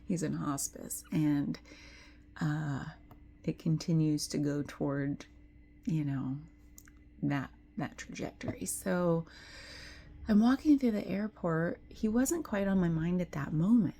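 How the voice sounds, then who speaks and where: A middle-aged woman giving an intuitive tarot reading to camera. She is tearful and tender, and drifts into soft whispers when she is moved. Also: sits low, takes it slowly, vocal fry. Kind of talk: emotional spiritual talk to camera.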